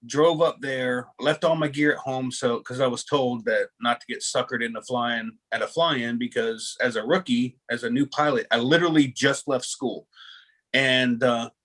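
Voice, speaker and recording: A man's voice: mid-range voice, fairly even intonation, normal speed, a bit bright. A man hosting a casual video call chat, telling stories with many restarts and poking fun at himself. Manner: rambling storyteller with many restarts; self-mocking. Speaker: host.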